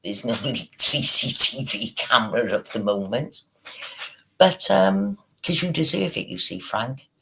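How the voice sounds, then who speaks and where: A man delivers a sweary, mocking commentary in a slow, unhurried way. His voice is husky and gravelly, yet sharp and bright at the front. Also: medium pitch, sing-song, rough recording. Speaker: streamer. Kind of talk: ranting commentary.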